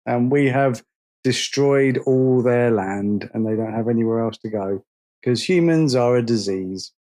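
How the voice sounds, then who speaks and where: A man's voice: medium pitch, unhurried. A man in casual podcast chat, telling stories with lots of laughter and acted-out quotes. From England. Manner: animated storyteller, laughs a lot, acts out quotes.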